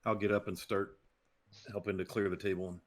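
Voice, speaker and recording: A man's voice: sits low, flat delivery, a little fast, a little hiss or hum. A man playing a tabletop game, switching between formal, polite in-character talk and casual table talk. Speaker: player.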